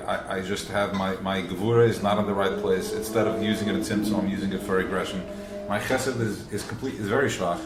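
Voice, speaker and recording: A man's voice: deep voice, fairly even intonation, quick pace, noisy background. A man leading a live religious class, earnest and repetitive, often acting out inner voices. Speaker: teacher. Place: room with a small group. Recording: roomy live recording.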